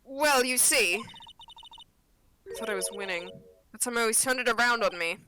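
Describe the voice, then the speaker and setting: A woman's voice: fairly high pitch, moderate pace, noisy background. Dry-humored female co-streamer. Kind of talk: let's play commentary.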